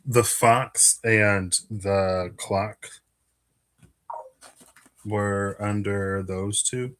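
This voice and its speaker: A man's voice: lowish voice, fairly even intonation, extremely slow, a bit bright, slight background noise. A man giving a casual live card reading, musing aloud with many fillers and little laughs, a bit out of breath. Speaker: tarot and Lenormand card reader.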